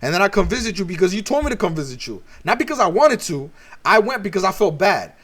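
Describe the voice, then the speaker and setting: A man's voice: high-pitched, sing-song, fast, fairly bright tone. A young man hosting a livestream, talking frankly and with profanity in a rambling casual monologue. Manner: frank, profane, repeats himself with restarts. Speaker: livestream host.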